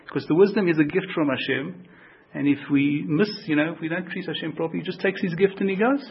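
Fast-talking man teaching a Torah class. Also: a little high, lo-fi sound, slight background noise. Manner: animated, repeats phrases, acts out quotes.

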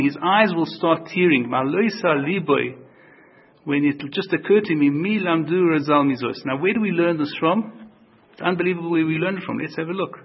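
A man teaching a Torah class, telling stories in an animated way, repeating phrases and acting out the quotes. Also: on the high side, gravelly, husky, highs cut off.

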